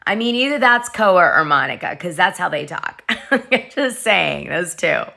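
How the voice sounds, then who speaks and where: A woman with a deep yet bright and punchy voice hosts a casual gossip vlog. She chats freely, swears often and reads private messages aloud. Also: sing-song, measured pace, vocal fry. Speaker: gossip show host.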